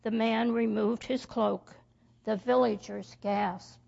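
A woman telling a children's story in church, reading slowly with slips and restarts. Her fairly high voice is full of gravelly fry. The recording is dull and lo-fi. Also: steady tone, darkish tone.

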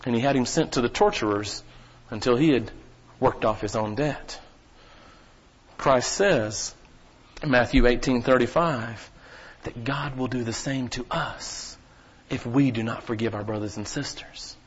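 A man preaching a sermon as pastor, folksy and talking straight to the congregation, his voice swelling at times into near-shouting. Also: mid-range voice, a little slow, slightly rough, dull audio. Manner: preaching with sudden rises to shouting; folksy, addresses the congregation directly.

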